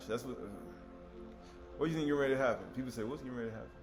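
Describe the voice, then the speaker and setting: A man delivers a sermon in a relaxed, conversational way, his voice at a middle pitch. He talks in rapid-fire bursts with long pauses, animated and prone to sudden loud outbursts, while faint music plays in the background.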